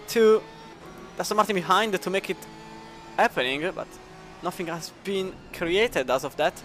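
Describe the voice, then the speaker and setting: A man's voice: high voice, measured pace, a bit bright, faint music behind. A man with an Italian accent commenting live on a sim racing endurance event. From Italy. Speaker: race commentator.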